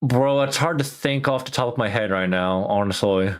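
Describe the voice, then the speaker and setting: A man's voice: medium pitch, normal speed, clear, resonant tone. A man streaming a game, thinking aloud in casual, slangy chat with plenty of swearing. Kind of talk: casual gameplay commentary.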